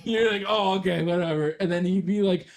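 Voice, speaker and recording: A man's voice: sits high, fairly quick. A young man co-hosting a podcast, telling rambling workplace stories with lots of swearing and acted-out quotes. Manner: animated, swearing, acts out quotes. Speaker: podcast co-host. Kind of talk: casual storytelling chat.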